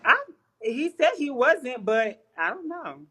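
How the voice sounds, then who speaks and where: A man's voice: very high voice, sing-song, takes it slowly, bright, forceful tone, husky. A man on a live stream talking casually, brash and profane, often repeating words as he starts sentences.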